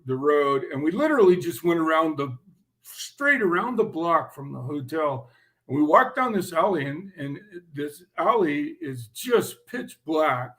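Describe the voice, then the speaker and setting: A man's voice: a little high, fairly bright tone. A man, telling a profane story in a casual interview and acting out the quoted voices.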